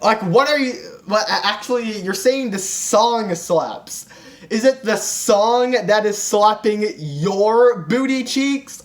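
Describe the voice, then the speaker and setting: High-voiced young man ranting about slang. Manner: exasperated, full of fillers and restarts. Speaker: commentary vlogger. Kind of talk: comedic rant.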